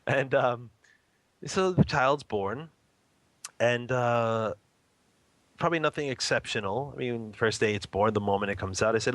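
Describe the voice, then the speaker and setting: In this dry recording, a medium-pitched, somewhat bright male voice moves at a moderate pace. The speaker is an interview guest, a father and home meditation practitioner, teaching casually about family life and spiritual practice. He often chuckles and peppers his speech with "okay?" and "you know."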